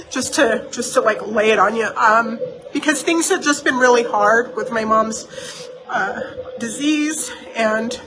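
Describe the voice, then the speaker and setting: A woman vlogger in her doll shop, chatting heartfelt and rambling, often repeating herself. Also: high-pitched. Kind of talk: casual chat to camera. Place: indoor doll shop room. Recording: steady motor hum behind voice.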